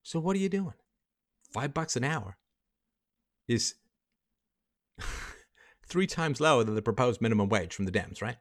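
A man's voice: medium pitch, animated, a little slow, pauses often. A man hosting a livestream monologue, emphatic and lecturing, walking through numbers step by step. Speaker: livestream host.

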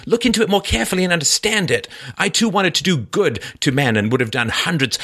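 A man's voice: a little high, lively intonation, fast, sharp tone, breathy edge, pitched above the performer's own voice, exaggerated voice. A man reading as an anguished young killer, agitated. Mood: impassioned. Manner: impassioned, agitated, self-justifying. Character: anguished defiant young male ex-student killer.

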